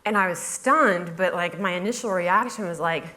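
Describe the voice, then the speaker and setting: A woman's voice: fairly low pitch, normal speed, bright, forceful tone. A woman blogger telling a humorous story on stage. She speaks with wry, self-mocking comic timing, laughs through her own asides and mimics other people's voices. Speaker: blogger giving a talk.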